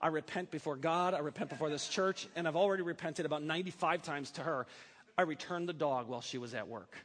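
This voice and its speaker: A male pastor preaching a sermon in a church, animated and breaking in with joking asides. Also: a little high, fast talker. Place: church sanctuary. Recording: long hall reverb.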